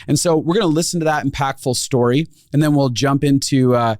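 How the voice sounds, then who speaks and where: A man's voice: mid-range voice, brisk, a little mellow, no room sound, studio quality. A man hosting a podcast, introducing the episode in an upbeat, promotional way. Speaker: podcast host.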